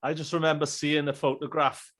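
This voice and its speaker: A man's voice: a little high, flat delivery, a little fast, fairly bright tone. A man hosting a casual interview, giving friendly, encouraging replies to his guest. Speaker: podcast host.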